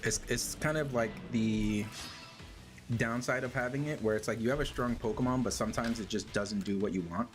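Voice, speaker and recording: A man casually chatting to his viewers while playing a game, with hiccups and frequent throat clearing. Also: medium pitch, normal speed, over music. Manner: relaxed, chatty, answers chat questions. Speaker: streamer. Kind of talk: casual gaming livestream chat.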